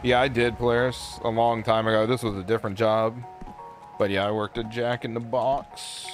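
A man's voice: mid-range voice, level tone, normal speed, soft background music. Profane, laid-back gaming streamer guy. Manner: loose, profane, chatty, reads out chat messages. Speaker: streamer and speedrunner. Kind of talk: casual live-stream chat while playing.

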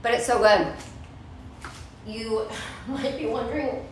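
A woman's voice: a little high, slow, heavy reverb, recorded from a distance, a little hiss or hum, poor audio. A woman hosting a casual home cooking show, chatting and snacking in her kitchen as she preps food. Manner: chatty, eats while talking, laughs easily.

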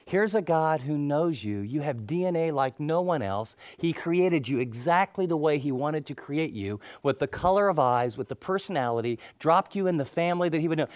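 A middle-aged male pastor preaching a sermon, telling stories and acting out the people in them, then dropping into soft, intense tones. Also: on the high side, animated, normal speed, few pauses. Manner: storytelling, acts out quoted people, drops to soft intense tones.

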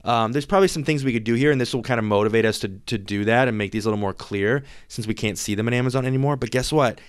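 Emphatic man with a smooth voice. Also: medium pitch, quick pace. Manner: emphatic, reassuring, repeats and restarts words. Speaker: software company host. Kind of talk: informal screen-share explainer.

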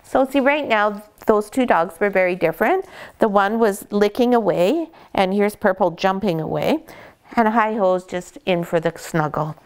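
A woman dog breeder calmly explaining puppy care, gently praising the dogs as she goes. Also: mid-range voice, moderate pace, clean tone. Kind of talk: instructional puppy-care talk.

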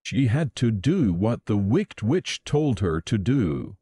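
Slow, soft-spoken male storyteller. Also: lowish voice, husky, no echo, clean studio sound. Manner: slow, even reading. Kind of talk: calm storybook narration.

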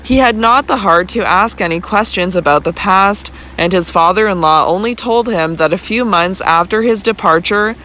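A man narrating a classic novel as an audiobook with a steady, measured reading. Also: high voice, a little hiss or hum, low-quality recording.

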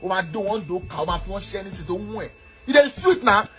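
A man with a Nigerian accent, mixing Pidgin and Yoruba, ranting loudly and boastfully, now and then shouting or slipping into a sing-song. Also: high voice, lively intonation, rapid-fire, over music. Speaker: eyewitness in a played clip. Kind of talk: heated rant.

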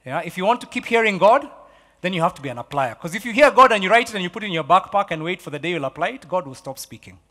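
A man preaching a sermon as pastor, animated, repeating key phrases and swinging from loud exclamations to hushed lines. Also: high voice, very fast, in a large hall. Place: church hall.

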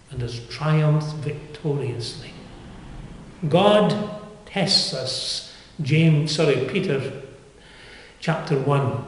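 Older man preaching, slow and deliberate, booming chapel reverb. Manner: earnest, dynamic preaching with sudden rises in pitch and volume. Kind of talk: sermon. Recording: echoey chapel with long reverb.

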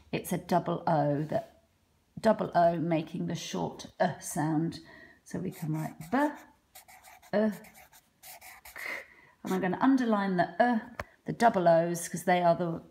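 A woman teaching a children's phonics lesson from home, slowly sounding out letters one by one with patient encouragement. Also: lowish voice, darkish tone. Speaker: primary school teacher.

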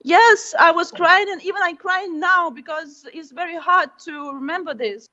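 A woman's voice: extremely high pitch, sharp tone. A woman putting on a fragile teenage girl activist. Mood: tearful. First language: Russian. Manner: halting, broken English with hesitations. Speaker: prank caller. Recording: muffled phone call.

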